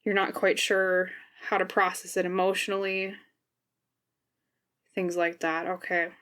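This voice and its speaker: A woman giving a pick-a-card tarot reading on camera, gentle and reassuring, often checking in with "okay?". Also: on the low side, little pitch movement, measured pace. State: briefly teary and emotional. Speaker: tarot reader. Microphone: camera mic, seen on camera.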